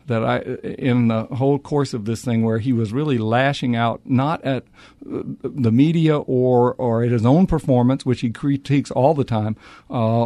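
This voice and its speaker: Man, interview answers, halting, mellow, dry close sound. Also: medium pitch, no room sound. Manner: halting, many restarts and fillers. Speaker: author and historian.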